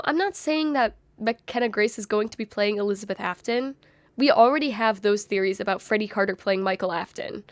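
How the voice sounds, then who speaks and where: A woman's voice: on the high side, dry recording. A young woman with a strained, worn voice talking through fan theories in a thoughtful, speculative video essay. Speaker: YouTuber.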